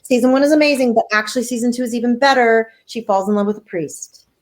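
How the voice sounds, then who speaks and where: A woman's voice: a little high, fast. A middle-aged woman, an author as interview guest, gushing and swearing casually as she chats.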